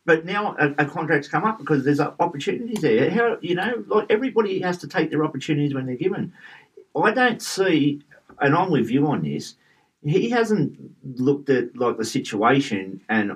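A man's voice: fairly high pitch, lively intonation, moderate pace, slightly rough, recorded from a distance, low-quality recording. A man co-hosting a casual sports podcast, chiming in with agreeable short replies and comments. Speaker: podcast co-host. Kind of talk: casual cricket podcast chat.

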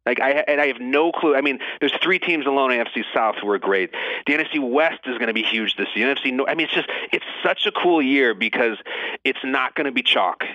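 A man who is a guest on a podcast, talking football in an excitable, emphatic way and repeating his points. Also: mid-range voice, dry recording. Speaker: podcast guest, TV show cohost. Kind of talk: casual sports chat. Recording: dull lo-fi sound.

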